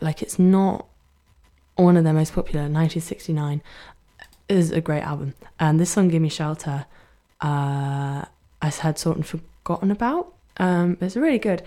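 A woman's voice: on the low side, dark tone. Chatty young English woman radio DJ. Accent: English, Brighton. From Brighton, England. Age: young adult. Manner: chatty, self-deprecating, laughs often. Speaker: student radio DJ. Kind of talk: casual radio chat.

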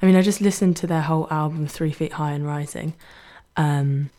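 A young woman from Brighton with a Brighton English accent, a student radio DJ chatting casually between songs, self-deprecating and laughing often. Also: low-pitched, steady tone, moderate pace. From Brighton, England. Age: young adult.

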